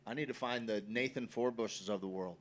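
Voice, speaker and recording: A man's voice: mid-range voice, a little fast, slight background noise. A man co-hosting a casual talk show, speaking emphatically and swearing now and then. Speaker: podcast co-host. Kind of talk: casual chat.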